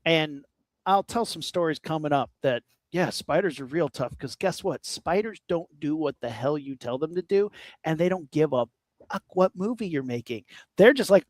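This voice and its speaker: Animated high-voiced man chatting about movies. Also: no echo, clean studio sound. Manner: rambling, animated, quick to joke. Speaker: podcast co-host. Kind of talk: casual movie chat.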